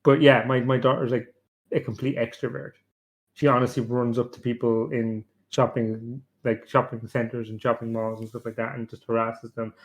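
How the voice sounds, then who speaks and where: A man's voice: mid-range voice, moderate pace. A young man chatting casually on a podcast panel, rambling and swearing as he tells stories about parenting. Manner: rambling, sweary, animated storytelling. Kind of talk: casual chat.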